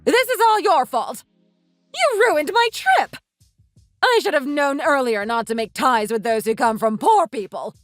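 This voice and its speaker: A condescending rich-girl snob with a high, swooping voice, sneering and shrill, as a woman puts her on. She talks down to everyone in a voiced texting story. The sound is close and dry, with soft music underneath. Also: expressive, moderate pace, hardly any pauses, no echo, close to an everyday voice. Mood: scornful. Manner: haughty, sneering, shrill outbursts. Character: snobbish young woman, spiteful and condescending.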